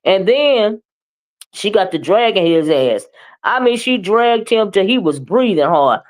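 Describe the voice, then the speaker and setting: A woman hosting a casual live-stream gossip show, talking in a sassy, emphatic, drawn-out way. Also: mid-range voice, big pitch swings. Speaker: live-stream commentary host.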